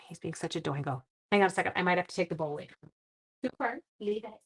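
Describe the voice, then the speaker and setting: A woman's voice: lowish voice, animated, fast, husky. A woman hosting a live card-making tutorial from her home craft room, chatting casually with viewers and breaking off to talk to her dog.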